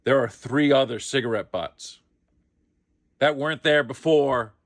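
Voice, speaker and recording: A man's voice: mid-range voice, measured pace, dry recording. A middle-aged man casually telling a comic behind-the-scenes story, acting out the quotes. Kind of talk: casual anecdote.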